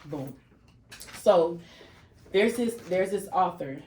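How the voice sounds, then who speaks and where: A woman with a fairly low voice hosts a casual podcast, talking with animated energy and repeating her phrases for emphasis. She is recorded in an echoey room with faint background noise. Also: takes it slowly. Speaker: podcast host. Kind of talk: casual chat.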